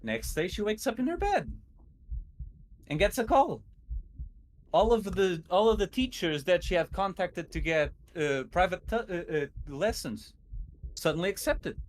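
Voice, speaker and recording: A nervous man telling a spooky story on a stream, stuttering and halting often. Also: high-pitched, sing-song, slight background noise, rough recording. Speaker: guest storyteller.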